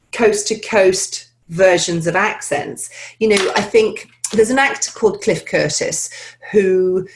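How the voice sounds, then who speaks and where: A woman speaking as an accent coach in an interview, chatting loosely with many "you know" fillers, over a video call. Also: medium pitch. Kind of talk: conversational interview answers.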